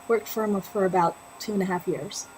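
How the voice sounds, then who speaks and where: A medium-pitched woman speaks briskly while knitting on a livestream, casually recounting a personal story. Chatty and animated, she laughs often, and the rough recording has a slight hiss or hum.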